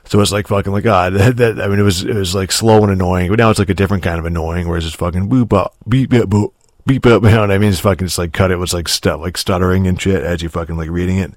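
A man talks through a casual game review in a deep, low voice, circling back on himself with constant fillers, restarts and swearing. The recording is dry and close, with no room sound around him. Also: fairly even intonation, racing, few pauses, no room sound. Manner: rambling, profane, many restarts and fillers.

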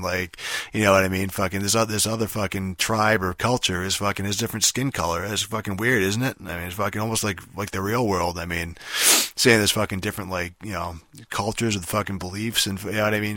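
A man's voice: fairly low pitch, brisk, fairly bright tone, no room sound, studio quality. A young man hosting a podcast, rambling through a casual game review with constant swearing and lots of fillers. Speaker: podcast host.

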